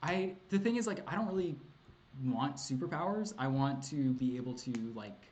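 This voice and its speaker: A man's voice: a little high, lively intonation, normal speed, darkish tone. A man answering chat questions on a casual livestream, rambling and hesitant with many ums and likes, laughing often and swearing casually.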